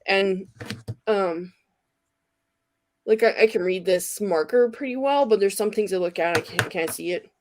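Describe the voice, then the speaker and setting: A woman guest on a livestream, explaining things in a rambling, halting way. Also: medium pitch, no echo. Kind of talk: casual livestream chat.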